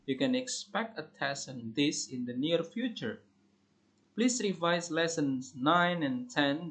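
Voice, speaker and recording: A man with an Indonesian accent reading classroom English phrases aloud in a slow, deliberate lesson style. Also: a little high, fairly bright tone. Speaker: English teacher.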